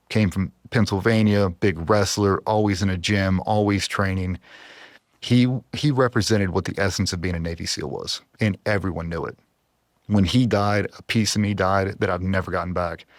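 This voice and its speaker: A man's voice: low-pitched, steady tone, moderate pace, no echo. A man in his forties, a former special operator, talking earnestly and with strong emotion in an interview, close to tears at times. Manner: earnest, emotional, trying not to cry. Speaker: podcast guest, former Navy SEAL.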